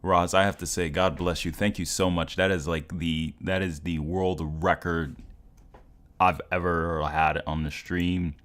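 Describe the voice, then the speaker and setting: A young man livestreaming in casual chat, excitable and exclamatory, often stammering and repeating himself. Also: sits low, measured pace. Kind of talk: live stream reaction chat.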